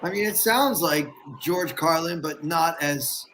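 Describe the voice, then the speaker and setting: A man who is a comedian guest on a podcast, explaining his views in a thoughtful, measured way. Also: on the high side, a bit bright, slight background noise. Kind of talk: casual podcast chat.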